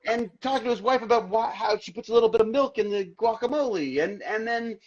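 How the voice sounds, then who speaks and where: A man guesting on an interview, telling stories in an animated, rambling way with many restarts, heard over a video call. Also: high-pitched, fast talker. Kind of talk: casual interview chat. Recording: dull lo-fi social media livestream audio.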